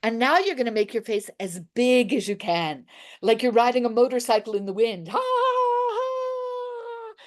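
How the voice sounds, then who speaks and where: A woman's voice: fairly high pitch, a little fast. Brief: female drama teacher, upbeat workshop leader, exaggerated consonant drills, call and response. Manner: energetic, exaggerated articulation drills. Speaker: theatre teacher leading warm-ups.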